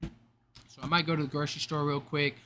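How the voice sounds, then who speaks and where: Bright-voiced young man rambling in a vlog. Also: on the high side, flat delivery, moderate pace, slight background noise. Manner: rambling, self-interrupting, slangy. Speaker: vlogger. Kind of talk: casual rambling vlog monologue.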